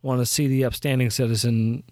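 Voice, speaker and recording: A man's voice: medium pitch, flat delivery, fairly quick, a little mellow, dry recording. A young man hosting his own podcast, telling a story in a rambling casual way, often restarting sentences, with dry sarcasm. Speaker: podcast host.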